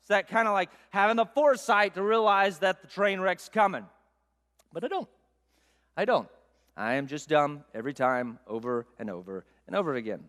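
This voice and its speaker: A man preaching a sermon, telling a self-mocking story in an animated way. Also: high-pitched, normal speed. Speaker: pastor. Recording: long hall reverb.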